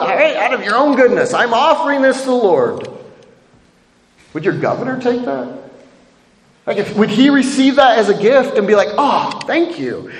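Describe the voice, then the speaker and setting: A pastor preaches a sermon in a lively, high voice that swoops up and down. He keeps it conversational, frequently tossing a "right?" to his listeners. The sound is roomy, with a long hall reverb.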